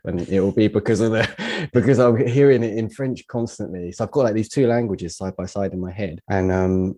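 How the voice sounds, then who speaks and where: A man from the United Kingdom speaks very low, with a dark, mellow tone and a husky grain. He is a poet being interviewed in a casual podcast talk. He muses aloud, hesitant and full of fillers. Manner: reflective, halting, many fillers. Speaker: poet guest.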